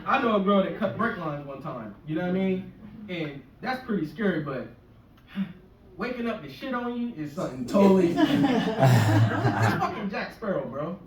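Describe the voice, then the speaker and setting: A man in his forties from the US East Coast shore rambles through a profane stand-up set, his pitch swinging widely as he goes. His voice sounds roomy and echoing, picked up from some way off the mic, with a faint hiss of background noise. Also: sing-song, normal speed. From US East Coast shore area. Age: 40s. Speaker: stand-up comedian. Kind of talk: stand-up comedy rant. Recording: echoey room, mic from a distance, faint noise.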